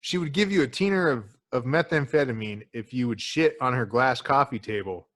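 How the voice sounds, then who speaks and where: A man co-hosting a podcast, chatting crudely and swearing constantly as he tells animated stories. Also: mid-range voice, brisk. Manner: profane, swears constantly, calls listener "dude"; animated storyteller, acts out quotes. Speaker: podcast co-host. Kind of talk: crude casual chat.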